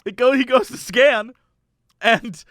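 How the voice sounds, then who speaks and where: A man's voice: very high voice, takes it slowly, a bit bright, no echo, studio quality. A man co-hosting a podcast, animatedly telling a funny anecdote, acting out voices and laughing as he goes. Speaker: podcast co-host. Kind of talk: casual storytelling chat.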